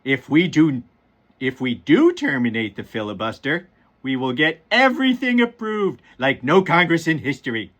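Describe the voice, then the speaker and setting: Brief: loud, shouty cartoon dad voice, raised and swooping, as a man puts it on. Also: fairly high pitch, very animated, normal speed, muffled recording. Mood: ranting. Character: Homer Simpson impression reading an angry rant.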